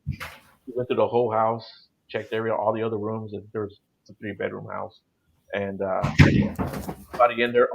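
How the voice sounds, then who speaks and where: A man's voice: on the low side, highs cut off. A middle-aged man telling his paranormal experiences in a casual, rambling way, full of "you know" and "like". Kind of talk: casual storytelling on a call-in show.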